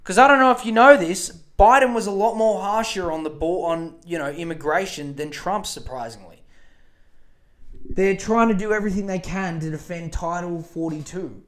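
A man's voice: sits high, moderate pace. A man hosting a podcast, giving casual political commentary in a rambling, profane rant full of fillers and restarts. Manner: profane, rambling, animated rants with many fillers. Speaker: podcast host.

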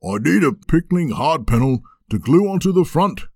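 A man voicing an urgent old grandfather shouting from far away. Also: fairly high pitch, big pitch swings, moderate pace, slightly rough, no echo, clean studio sound, pitched above the performer's own voice, heavily acted.

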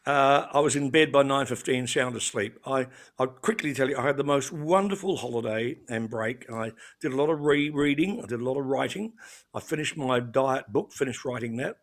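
Australian man, gravelly, chatty show regular, rambling anecdotes with restarts. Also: medium pitch, a little fast. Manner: chatty storyteller with many restarts and fillers. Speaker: regular commentator. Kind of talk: casual radio chat.

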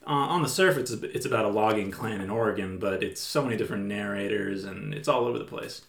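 A man's voice: fairly low pitch, fast talker, fairly bright tone. A man who is a podcast guest, chatting casually and rambling with frequent restarts. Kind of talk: casual chat. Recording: roomy echo.

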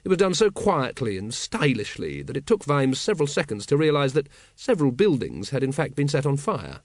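A man narrating a comic fantasy audiobook in a wry, expressive storytelling manner. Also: medium pitch, a little fast, dry recording, studio quality. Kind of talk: scripted narration.

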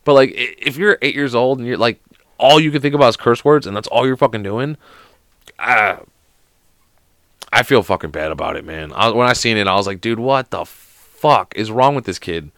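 A man's voice: mid-range voice, brisk, pauses often, fairly bright tone, dry recording, studio quality. A young man who is sick hosts a podcast alone in casual chat. He swears constantly and rambles through anecdotes. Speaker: podcast host.

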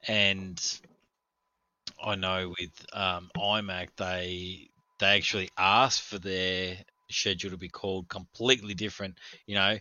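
A man telling stories on a casual podcast, animated and quick to laugh. His voice is bright and forceful, recorded dry and a little dull and lo-fi. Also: low voice, no echo. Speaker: podcast co-host. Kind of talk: casual storytelling chat. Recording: dull, lo-fi sound.

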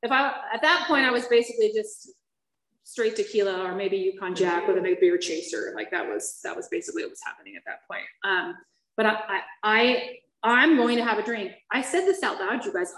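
A woman's voice: mid-range voice, brisk, fairly bright tone. A middle-aged woman sharing her recovery story with an audience. She tells it candidly and with self-mocking humor, and she falters with fillers and restarts at the painful parts. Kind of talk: personal testimony to a listening audience. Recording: echoey room.

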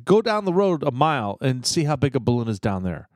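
A man's voice: mid-range voice, sing-song, fairly quick, no room sound, studio quality. A man co-hosting a podcast in casual banter, rambling along with fillers and restarts. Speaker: podcast co-host.

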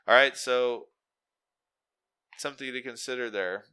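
A man's voice: mid-range voice, normal speed, pauses often, pushed and bright, clear, resonant tone. A man hosting a casual solo podcast, rambling and interrupting himself as he muses aloud and reads text off his screen. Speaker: podcast host.

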